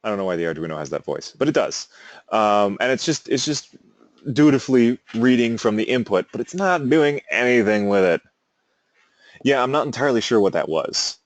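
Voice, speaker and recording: A man's voice: mid-range voice, animated, moderate pace, no echo. A male teacher giving a casual classroom lecture, wandering into amused side stories. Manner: casual, rambling, self-amused asides.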